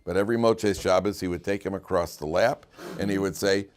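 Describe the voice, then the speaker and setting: A man's voice: deep voice, steady tone, a little fast. A man, a rabbi, giving an informal Torah class to listeners, joking and often restarting his sentences. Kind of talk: conversational Torah lecture with stories.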